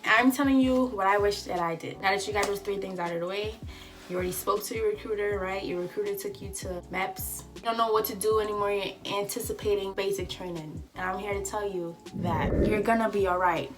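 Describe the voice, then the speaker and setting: A woman's voice: mid-range voice, a little fast. Chatty young woman vlogger. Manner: animated, chatty, advice-giving. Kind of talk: casual storytime vlog. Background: faint background music.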